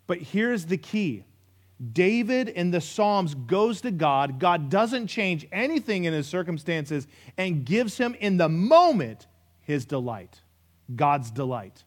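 A man's voice: a little high, lively intonation, a little slow. A man in his thirties preaching a sermon, emphatic, repeating key phrases and asking rhetorical questions. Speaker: pastor.

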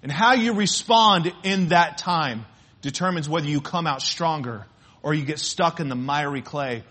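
Lively, high-voiced male pastor preaching. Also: normal speed. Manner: lively storytelling with laughter. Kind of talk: sermon. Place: church sanctuary.

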